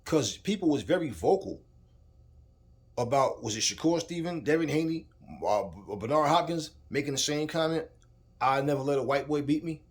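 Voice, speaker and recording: A man's voice: a little high, animated, normal speed. A man giving a heated, profane rant about boxing, repeating himself and addressing the fighter directly. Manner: heated, profane, repetitive, talks straight at the subject. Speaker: boxing commentator. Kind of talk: casual ranting commentary.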